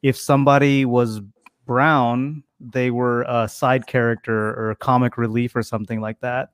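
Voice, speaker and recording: A man's voice: mid-range voice, level tone, moderate pace, smooth, no room sound, clean studio sound. A man in his forties from Tennessee, chatting on a podcast in a rambling, self-deprecating way full of fillers. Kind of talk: casual podcast chat.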